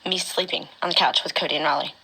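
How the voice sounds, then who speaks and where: A woman speaking an emotional personal testimony straight to her former partner, often dropping to a hushed whisper. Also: deep voice, fast, creaky, breathy edge, poor audio. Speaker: mother recounting her own experience.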